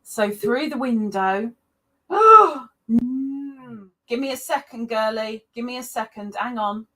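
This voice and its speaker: A woman hosting a casual livestream chat, greeting viewers by name with excited jumps in her voice. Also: a little high, moderate pace. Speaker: livestream host.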